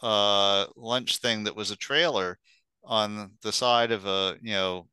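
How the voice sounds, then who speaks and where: A man who is a regular on a podcast, telling relaxed, rambling anecdotes in casual chat with some swearing. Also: fairly low pitch, takes it slowly, smooth, no room sound.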